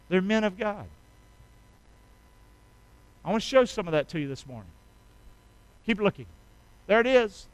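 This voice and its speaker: A man preaching a sermon, prompting his congregation to answer back, dropping soft and low at times and then bursting out loud. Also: clear, resonant tone, no echo, rough recording. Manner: swings from soft and low to sudden loud shouts. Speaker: pastor.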